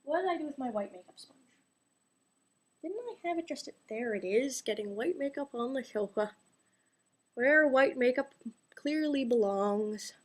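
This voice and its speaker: High-voiced woman rambling through a makeup tutorial. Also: animated, moderate pace, pauses often. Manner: rambling, self-mocking asides, sometimes drops to a whisper. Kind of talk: casual chatty tutorial.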